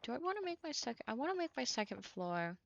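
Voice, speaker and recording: Streaming a game, a young woman from the United States keeps up casual chatter and blunt, profanity-laced rants. Her slightly high voice is sing-song and creaky, her pace quick, and the sound lo-fi.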